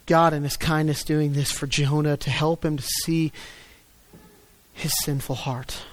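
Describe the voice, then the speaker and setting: A man preaching a sermon, swinging between loud emphatic stresses and low quiet asides. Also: flat delivery, unhurried. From United States. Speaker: pastor.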